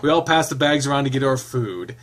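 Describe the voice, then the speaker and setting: Male game streamer, narrates the visual novel aloud, halting commentary with frequent laughs. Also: medium pitch, expressive.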